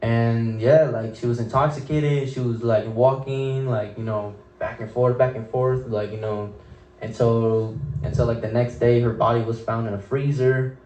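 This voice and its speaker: A man's voice: medium pitch, steady tone, normal speed, dark tone, reverberant, distant mic, slight background noise, poor audio. A young man hosting a podcast, telling stories in a loose, slangy way full of fillers and restarts. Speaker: podcast host. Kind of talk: casual rambling storytelling.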